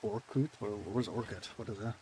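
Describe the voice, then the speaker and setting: A man's voice: fairly low pitch, fairly quick, dark tone, slight background noise. A man live-streaming a game, chatting casually with viewers in a sarcastic, mock-indignant way. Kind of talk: casual gameplay stream chat, answering viewers.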